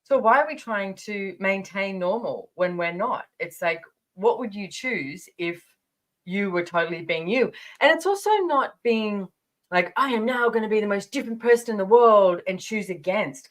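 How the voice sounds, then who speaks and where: A woman in her fifties appears as a guest in a casual podcast interview, speaking frankly and candidly, swearing freely and restarting her sentences. Her voice is medium-pitched at normal speed.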